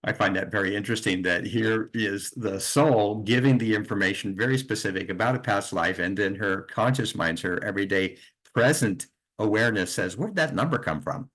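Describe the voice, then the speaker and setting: A man who works as a hypnotherapist, calmly and reflectively telling the story of a client's session. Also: on the low side, moderate pace, few pauses. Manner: calm and reflective, with soft laughs and light restarts.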